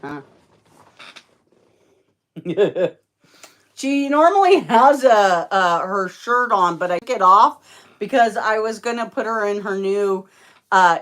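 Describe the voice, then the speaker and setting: Lady doing a chill home livestream, talks real slow, rambly and chatty. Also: expressive, fairly bright tone. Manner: chatty and rambling, with fillers and laughs; high sing-song baby talk to her dogs. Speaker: livestream host. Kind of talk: casual livestream chat. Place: at home indoors.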